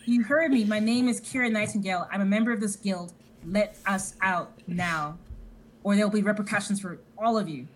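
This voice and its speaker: A woman's voice: mid-range voice, brisk. A woman playing her character in a tabletop game, playful and blustering in character. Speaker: player. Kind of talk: tabletop role-play.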